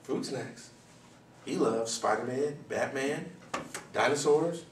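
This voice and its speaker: A man giving a live motivational talk to students, telling stories in an animated way, acting out voices and sometimes shouting. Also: medium pitch, slow. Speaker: motivational speaker. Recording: echoey hall from far off, faint noise.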